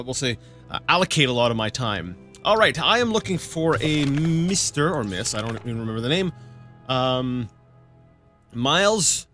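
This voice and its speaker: A man's voice: medium pitch, pushed and bright. A man casually commenting on his gameplay as host, rambling and often stammering over repeated words. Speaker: let's play host.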